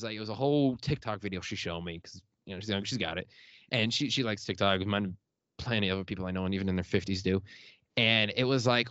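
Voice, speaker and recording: A man's voice: fairly low pitch, no room sound. A man hosting a podcast in a casual, jokey chat, often breaking into laughter. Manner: animated, jokey, quick to laugh. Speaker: podcast host. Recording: dry, dull lo-fi audio.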